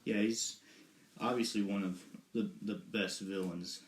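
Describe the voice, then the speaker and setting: A man's voice: on the low side, fairly even intonation, a little slow. A young man co-hosting a casual podcast, rambling and hedging as he talks, recorded in an echoey room. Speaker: podcast co-host. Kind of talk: casual chat. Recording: echoey room with faint noise.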